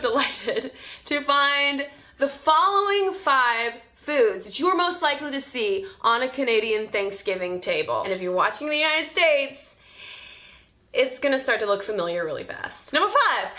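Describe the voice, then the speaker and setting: Jokey woman vlogger, high voice, bright and kinda sharp, sarcastic little asides. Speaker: video host. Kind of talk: comedic vlog narration.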